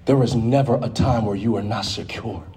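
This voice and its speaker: A man preaching a sermon to a church congregation, swinging between quiet teaching and shouted call-and-response. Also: lowish voice, fairly quick.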